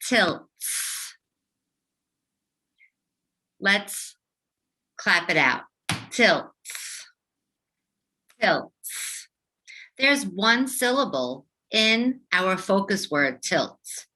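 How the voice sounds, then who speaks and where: Lady teacher doing phonics for little kids, slow and bouncy, bright voice. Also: medium pitch, expressive. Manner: slow, clearly enunciated, sing-song teacher voice. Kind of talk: children's phonics lesson.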